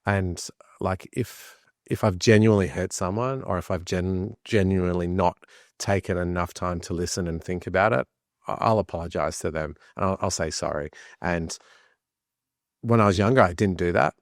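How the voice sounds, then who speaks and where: An Australian man with a low-sitting voice talks at a normal speed on a dry, studio-quality recording. As a podcast guest, he tells candid stories in an animated way, restarting his sentences often and poking fun at himself.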